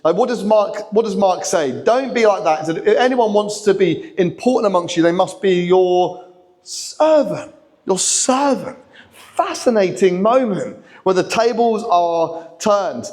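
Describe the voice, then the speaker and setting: A man, preaching a lively, chatty sermon that draws in the kids in a church hall. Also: high voice, a little slow. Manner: lively, chatty, talks to the kids, acts out lines. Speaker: pastor.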